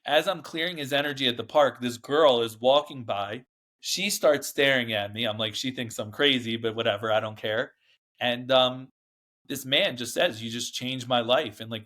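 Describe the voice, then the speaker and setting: A man's voice, medium-pitched, pushed and bright, at a moderate pace: he's a guest in a candid storytelling interview, rambling emphatically through his past and regularly acting out what others said to him.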